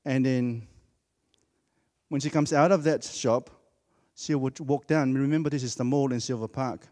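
A man's voice: mid-range voice, moderate pace, darkish tone, long reverb tail. A man preaching a sermon in a church, speaking emphatically and repeating key words for effect.

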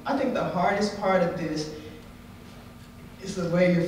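A woman's voice: lowish voice, darkish tone, slight background noise. Middle-aged woman, candid and funny conference storyteller; distant mic, big reverberant room. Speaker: conference speaker. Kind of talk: inspirational personal story talk. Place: large conference hall. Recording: echoey hall, distant mic.

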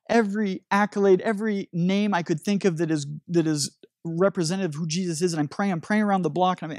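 A man's voice: a little high, dry recording, clean studio sound. A man preaching a sermon as a pastor, telling a story animatedly with frequent restarts.

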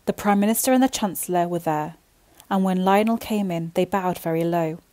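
A woman storyteller reading a bedtime story aloud in an expressive, gentle way. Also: on the low side, brisk.

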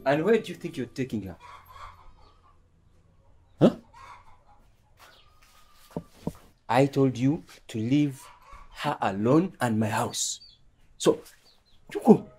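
An actor playing an abusive, domineering husband in a short film, harsh and commanding. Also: male voice, medium pitch, animated, slow, pauses often, a little hiss or hum. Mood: hostile. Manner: harsh, commanding, shouting threats. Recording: faint music behind.

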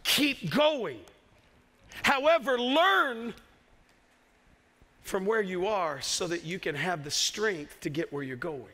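Man, pastor, sermon, emphatic, high voice, church hall reverb. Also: normal speed, few pauses, bright, forceful tone. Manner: emphatic, repeats key phrases. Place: church sanctuary.

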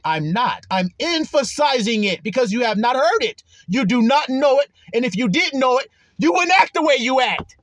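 A man preaching a sermon, reading scripture slowly and stretching the words, then explaining it in blunt, profane street talk. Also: very high-pitched, sing-song, fairly bright tone, no room sound.

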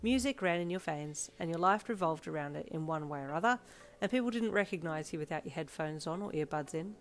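A woman reading a second-person fanfiction story aloud in an expressive narrating voice. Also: low voice, brisk. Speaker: fanfiction reader. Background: soft backing music.

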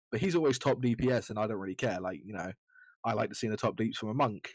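A man's voice: medium pitch, quick pace, no room sound. A man co-hosting a casual gaming podcast, running through lists in an easy chatty way. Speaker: podcast co-host.

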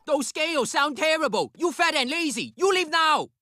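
A harsh violin teacher snaps out short, broken scoldings in a high, bright voice. She is strict and relentless. Faint music plays under the cartoon scene. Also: animated, normal speed, no echo, clean studio sound. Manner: curt broken phrases, scolding.

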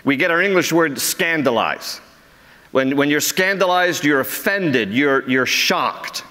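Brief: middle-aged American man preaching, lively swooping pitch, a bit high, long church reverb. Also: a little slow. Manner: animated, acts out quotes in raised voices. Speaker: pastor. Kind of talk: sermon.

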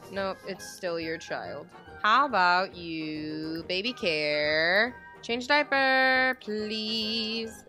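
A woman's voice: mid-range voice, lively intonation, extremely slow, sharp tone, soft background music. A young woman hosting a gaming video, chatting casually and talking to her game characters as she plays. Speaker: gaming channel host. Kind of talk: casual let's-play commentary.

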